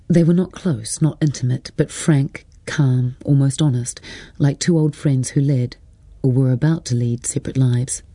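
A man reading a literary novel as an audiobook narrator, measured and even. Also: mid-range voice, dry recording.

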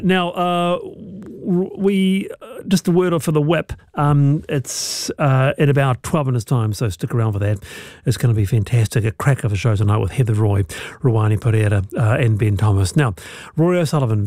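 A man's voice: medium pitch, mellow, dry recording. A man hosting a radio show in a studio, chatty and playful with some hesitant restarts. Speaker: radio host. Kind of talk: casual radio chat. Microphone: studio microphone.

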